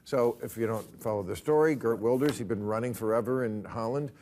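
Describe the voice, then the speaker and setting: A man's voice: mid-range voice, brisk, darkish tone, a little hiss or hum. A man hosting a panel discussion in a TV studio, with a dry, wry conversational manner. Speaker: talk show host.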